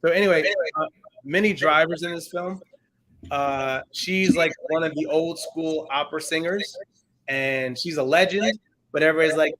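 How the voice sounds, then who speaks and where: A man in his thirties hosts a casual film review podcast with a somewhat high voice. He talks in an animated, storytelling way and acts out what people said. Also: normal speed, low-quality recording. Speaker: podcast host.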